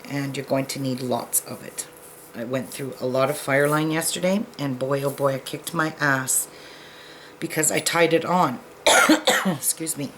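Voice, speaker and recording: A woman's voice: deep voice, a bit bright, slight background noise, low-quality recording. A woman hosting a casual beading tutorial, chatting to viewers and joking at herself while she sorts beads. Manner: chatty, self-deprecating, talks to viewers while working.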